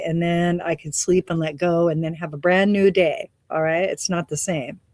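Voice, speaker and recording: A woman's voice: lowish voice, darkish tone, no room sound, studio quality. A woman hosting a spiritual meditation talk, meandering and reflective with frequent laughs, slightly out of breath. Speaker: meditation and energy reading host.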